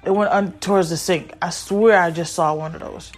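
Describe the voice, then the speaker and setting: A woman's voice: on the low side, fairly even intonation, moderate pace. A woman hosting a podcast who talks frankly and in a scattered way to her listeners, breaking off now and then to look after her kids. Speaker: podcast host and mother. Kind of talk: candid casual rambling to listeners.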